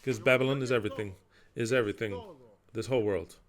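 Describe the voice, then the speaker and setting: A man preaching a sermon, declaiming scripture loudly and dropping into quiet asides. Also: lowish voice, quick pace. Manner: emphatic, swings between loud declaiming and quiet asides.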